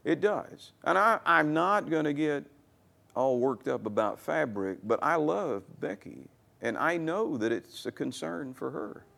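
A man's voice: a little high, very animated, a little slow, vocal fry, fairly bright tone. A middle-aged male pastor giving a conversational, folksy sermon. He often repeats words and restarts his sentences.

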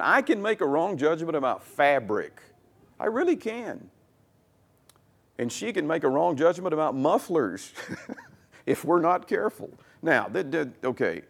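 A man's voice: medium pitch, creaky. A middle-aged male pastor giving a conversational, folksy sermon. He often repeats words and restarts his sentences.

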